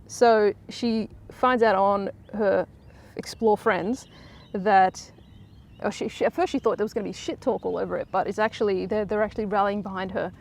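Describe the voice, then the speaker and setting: A woman's voice: medium pitch, steady tone, normal speed, gravelly, darkish tone. A woman casually recapping a soap episode in a chatty, sarcastic way, mocking the characters.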